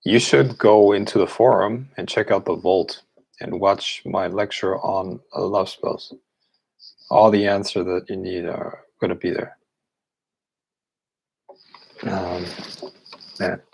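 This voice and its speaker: Gravelly low-voiced man, blunt and profane. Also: steady tone, slow, long pauses, a little mellow, rough recording. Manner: blunt and profane, with scoffing laughs. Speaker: occultist answering viewer questions. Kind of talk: casual live Q&A.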